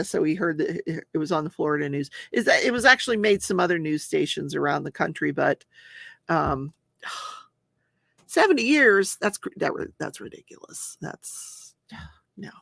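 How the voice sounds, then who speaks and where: An older woman whose gravelly voice sits low hosts a crafting and true-crime talk show as a casual livestream. She reads viewer comments aloud and chats while crafting, laughing often, in a studio-quality recording with no room sound.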